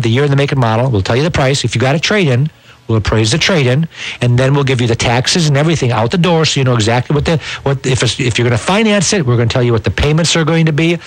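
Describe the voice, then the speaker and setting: A man pitches used cars in a folksy, persuasive run. He talks fast at a middle pitch. The sound is dry and close, with no room echo. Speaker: used car dealer. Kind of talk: sales pitch on a local TV show.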